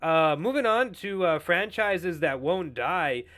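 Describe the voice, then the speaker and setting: A man's voice: sits high, animated, slow pace, fairly bright tone. A young man hosting a solo pop culture podcast, ranting in a profane, sarcastic and mocking way. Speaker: podcast host.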